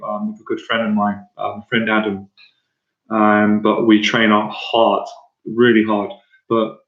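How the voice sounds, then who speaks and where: A rambling, excitable Irish man in his thirties talks to his livestream viewers as their confidence coach, full of fillers and restarts. His voice sits fairly low. The sound is dull and lo-fi, in an echoey room. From Ireland. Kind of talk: casual livestream talk to viewers.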